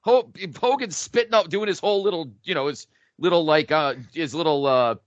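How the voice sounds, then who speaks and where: A man co-hosting a podcast, telling an imagined match as animated, profane play-by-play in casual chat. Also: fairly high pitch, fairly quick, no room sound, dull audio. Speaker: podcast co-host.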